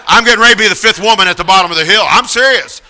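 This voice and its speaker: A middle-aged man preaching, telling a story with lively acted-out voices of the people in it. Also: high voice, racing. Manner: animated, acts out voices of others in the story. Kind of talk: sermon storytelling.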